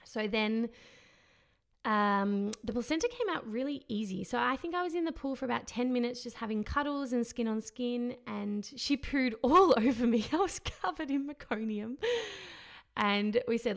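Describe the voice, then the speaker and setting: A young woman telling her own birth story at home, emotional and heartfelt, often halting and repeating herself. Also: on the high side, creaky. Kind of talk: personal storytelling.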